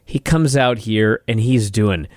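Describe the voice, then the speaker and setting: A man's voice: fairly low pitch, takes it slowly, a little mellow, no echo, clean studio sound. A man co-hosting a podcast, giving a wry, running rundown of a wrestling show's segments in casual chat. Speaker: podcast co-host.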